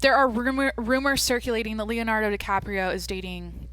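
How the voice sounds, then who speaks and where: A young woman hosting her own podcast, chatting casually in a rambling, jokey way with lots of fillers and a deadpan streak. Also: fairly high pitch, a little fast, no room sound. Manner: self-described deadpan. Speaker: podcast host. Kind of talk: casual solo podcast chat.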